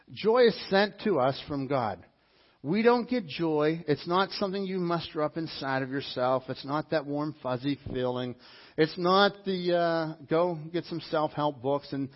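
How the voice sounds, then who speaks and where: A man's voice: a little high, dull audio. A man, a pastor, preaching a sermon in a conversational, emphatic way, often restarting his sentences.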